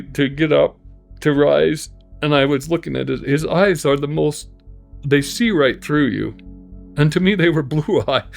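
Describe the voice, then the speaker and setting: A man telling his personal testimony in an earnest, halting way, often restarting his sentences. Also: on the high side, creaky. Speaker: guest telling his story.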